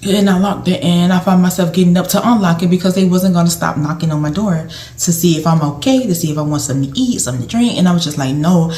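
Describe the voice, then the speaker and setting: Woman, caregiver sharing advice. Casual vlog delivery, slightly low pitch, echoey room sound. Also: fast talker, few pauses, warm tone. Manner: conversational, repeats and restarts phrases. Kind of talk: casual advice talk to camera.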